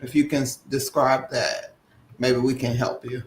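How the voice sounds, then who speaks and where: Man co-host, relaxed livestream chat, slow, a bit roomy with faint background hum. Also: mid-range voice. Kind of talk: casual livestream chat and job advice.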